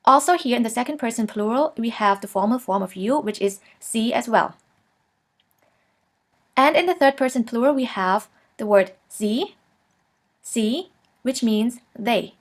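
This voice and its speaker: A woman's voice: on the high side, animated, unhurried. Patient woman teaching German phrases. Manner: patient, clear, repeats each phrase twice. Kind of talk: slow instructional lesson, repeating each word.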